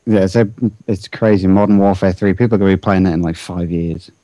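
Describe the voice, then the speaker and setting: A man's voice: deep voice, fairly even intonation, fast, warm tone, dry recording, poor audio. A man co-hosting a casual gaming chat, with a dry, understated humor. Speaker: podcast co-host.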